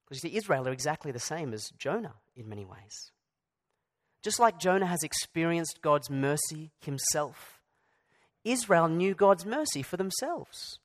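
A man's voice: fairly high pitch, expressive, moderate pace, fairly bright tone. Chatty man preaching a sermon. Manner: conversational with asides and repeated restarts. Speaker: pastor.

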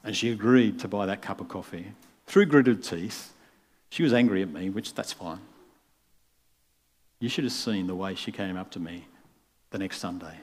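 Pastor telling a story. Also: male voice, lowish voice, animated, normal speed, long pauses. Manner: conversational storytelling, acts out quoted voices. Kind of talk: sermon. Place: church.

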